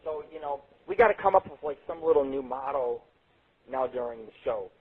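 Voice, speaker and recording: A man hosting a late-night internet radio show, telling rambling, profane stories with sudden jumps in pitch. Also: animated, fairly quick, breathy edge. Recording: tinny phone-like sound.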